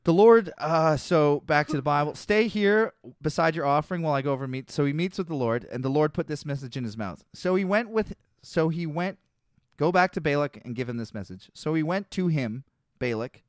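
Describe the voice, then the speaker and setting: A man's voice: on the high side, lively intonation, brisk, dry recording, studio quality. A man co-hosting a casual podcast, reading Bible passages aloud and bluntly arguing and mocking them. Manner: blunt, reads scripture aloud with mocking asides.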